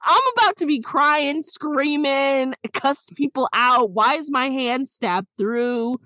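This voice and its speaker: Animated high-voiced woman co-host. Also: slow, dry recording. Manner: animated, profane, heavy use of "like". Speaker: podcast co-host. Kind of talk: casual book club chat.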